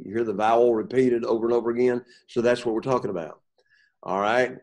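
A man teaching a Bible class to students, pausing often, repeating words and checking in with "okay?". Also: medium pitch, steady tone, darkish tone. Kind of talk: classroom lecture with questions to students.

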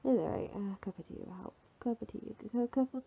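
A woman's voice: mid-range voice, quick pace, gravelly, few pauses, lo-fi sound, slight background noise. A young woman with a sore throat, chatting casually and rambling through her plans in a home vlog. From England. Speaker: vlogger. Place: at home, indoors.

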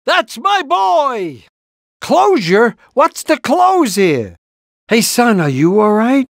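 A man's voice: very high-pitched, huge pitch swings, slow, gravelly, no echo, studio quality, exaggerated voice. An older actor voicing a nervous, fussy rooster father in a cartoon video game, stammering and shrieking when scared. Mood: flustered. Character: nervous, fussy rooster dad, easily panicked.

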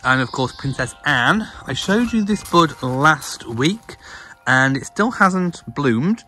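A man casually vlogging to camera, chatty and gentle, talking about his garden and his shopping. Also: fairly high pitch, lively intonation, slow, soft background music. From Britain. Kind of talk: casual vlog chat. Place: home garden and greenhouse.

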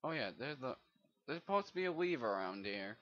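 This let's-play gamer has a mid-range voice with big pitch swings and a brisk pace. He mutters, swears, and rambles casually through his commentary, captured on a dull lo-fi mic.

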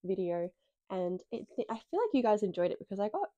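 A woman with an Australian accent chatting excitedly to camera as a book vlogger. She sounds stuffy and nasal from a cold and swears casually. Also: mid-range voice, brisk, no echo, muffled recording. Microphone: dedicated microphone close up.

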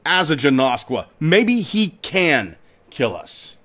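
A man voicing a huge, slow-witted male creature made of stone, speaking in a lower, wary tone. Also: sing-song, fairly bright tone, heavily acted.

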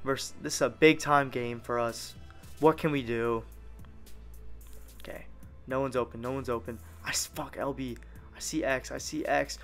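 Excitable young man calling his game plays. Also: medium pitch. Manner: excitable, narrates plays as they happen. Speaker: gaming YouTuber. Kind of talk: live gameplay commentary.

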